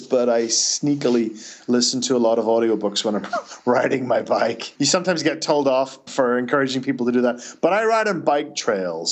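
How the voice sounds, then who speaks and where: A man with a Northern Irish accent, an author answering interview questions in a chatty, anecdotal way. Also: mid-range voice. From Northern Ireland. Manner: chatty, anecdotal, quick restarts.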